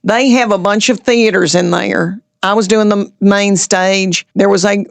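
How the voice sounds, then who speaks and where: A woman's voice: medium pitch, a little slow, creaky, no echo. Chatty Southern woman telling stories. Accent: Southern US, Tennessee. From Tennessee. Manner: lively anecdotal telling, chuckles mid-sentence. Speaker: comedian guest. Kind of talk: chatty podcast storytelling.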